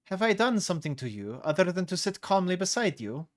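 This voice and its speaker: A worn-out young woman who has reached her limit, as a male storyteller puts her on. She speaks flat, direct and curt, with cold politeness that turns sharp when pushed. It is a storybook voice kept close to the reader's own. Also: sits high, a little fast, pitched above the performer's own voice. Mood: exasperated. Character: fierce young female bus rider, fed up.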